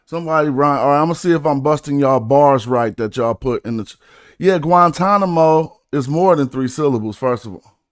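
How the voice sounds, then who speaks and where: A man's voice: fairly high pitch, a little fast, no echo, studio quality. A man streaming casually, chatting. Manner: laid-back slang, breaks down rhymes syllable by syllable. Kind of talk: casual livestream chat about rap and study.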